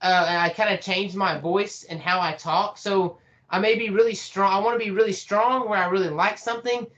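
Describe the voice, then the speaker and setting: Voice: mid-range voice, a little fast, a bit bright, muffled recording. Rambling teen presenter coaching delivery. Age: teens. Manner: rambling, many fillers, demonstrates voice changes. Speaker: youth workshop presenter. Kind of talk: casual coaching talk.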